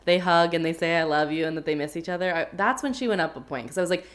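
A woman's voice: on the low side, fast talker. A woman co-hosting a casual recap chat, teasing and laughing a lot. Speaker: podcast co-host.

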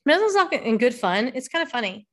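A woman's voice: high voice, very animated, rapid-fire, fairly bright tone. Woman, middle-aged, casual podcast chat, rambling storyteller, laughs a lot. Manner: chatty storyteller, laughs often, swears casually. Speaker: podcast co-host.

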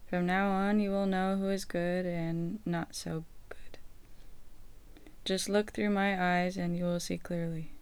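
A woman's voice: on the low side, level tone, measured pace, darkish tone, clear, resonant tone. Woman voicing a wailing trapped wolf. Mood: solemn. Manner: wailing, pleading, then grave and oracular. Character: trapped male wolf, wailing, wise and solemn.

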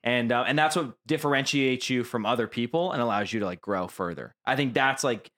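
A man's voice: mid-range voice, brisk. Chill guy co-host, mid voice, keeps tossing in "right?", easygoing chat. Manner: relaxed, affirming, with many "right?" tags. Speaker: podcast co-host. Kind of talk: casual podcast chat.

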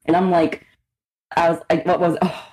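A woman's voice: fairly low pitch, little pitch movement, moderate pace, a little mellow, rough recording. A young woman co-hosting a casual podcast chat, talking animatedly, laughing often and acting out people she describes. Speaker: podcast co-host.

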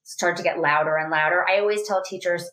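A woman's voice: fairly low pitch, brisk, poor audio. A woman in her forties, a family educator, talking earnestly in an interview with lots of "you know" fillers. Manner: earnest, animated, many fillers. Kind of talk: conversational interview.

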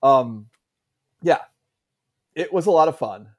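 A man with a slightly higher voice, talking casually about college football. He rambles, circles back with "like" and restarts, and laughs along as he goes. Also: lively intonation, slow pace. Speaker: podcast co-host. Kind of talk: casual sports chat.

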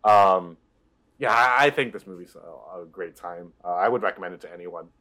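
A man's voice: deep voice, moderate pace, sharp tone. A man co-hosting a podcast, chatting casually and enthusiastically with lots of fillers. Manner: rambling, enthusiastic, heavy on fillers. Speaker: podcast co-host. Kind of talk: casual chat.

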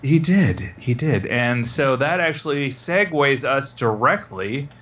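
Bright-voiced, wry male podcast host. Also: mid-range voice, animated, unhurried. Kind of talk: casual chat.

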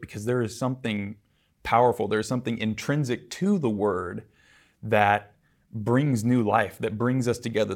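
A man giving a conversational church lecture, earnest and casual, with asides and fillers. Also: lowish voice. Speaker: church teacher.

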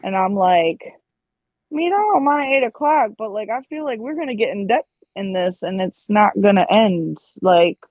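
A woman's voice: mid-range voice, animated, moderate pace, no room sound. A young woman chats frankly as a podcast guest, peppering her talk with fillers and the odd curse. The recording sounds somewhat dull and lo-fi, dry and close. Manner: candid, swears casually, says like a lot. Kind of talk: casual podcast chat.

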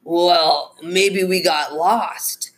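A woman's voice: lowish voice, fairly even intonation, extremely slow. A woman voicing a stubborn, defensive male suspect who scoffs at accusations in a read-aloud story. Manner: defensive, sarcastic.

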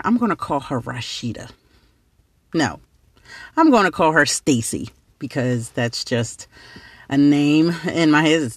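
A man's voice: on the high side, a bit bright, dry recording. A man hosting a podcast, telling a story in a casual, rambling way with side tangents. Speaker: podcast host.

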